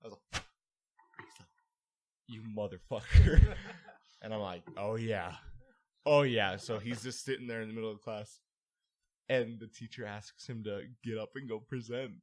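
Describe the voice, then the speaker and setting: A man's voice: lowish voice, brisk, pauses often. A young man, a podcast co-host, telling a school story in casual chat, acting out voices and laughing often. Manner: animated storyteller, acts out voices loudly, laughs a lot.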